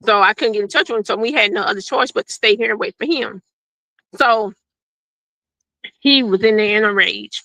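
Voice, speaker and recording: A woman's voice: medium pitch, normal speed, long pauses, bright, forceful tone, no room sound, rough recording. A middle-aged woman, a guest telling her own survival story in plain, unscripted talk and acting out what people said. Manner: plain-spoken, acts out quoted dialogue.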